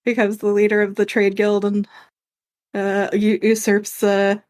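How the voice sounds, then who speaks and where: A woman co-hosting a casual game podcast, talking in an animated way. She drops swear words freely and laughs often as she chats. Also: medium pitch, measured pace. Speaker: podcast co-host. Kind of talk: casual chat.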